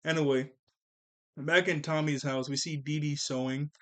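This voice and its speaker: A man talks through a cartoon episode in a loose, chatty recap, his voice sitting a little high for a man. He laughs often and stops to correct himself mid-sentence. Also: flat delivery, moderate pace, a bit bright. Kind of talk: casual recap and commentary.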